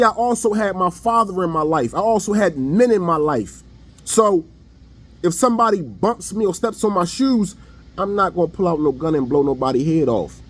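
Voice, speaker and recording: An online commentator with a high, light, slightly rough voice addresses his audience directly in a casual opinion monologue. He comes across as blunt and preachy, using lots of everyday slang.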